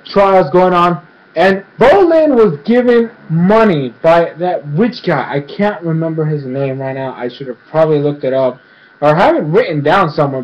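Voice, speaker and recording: A man's voice: a little high, a little mellow, dull audio. A man casually recapping a cartoon episode, rambling with lots of fillers and acting out the characters' lines. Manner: rambling, filler-heavy, acts out quotes.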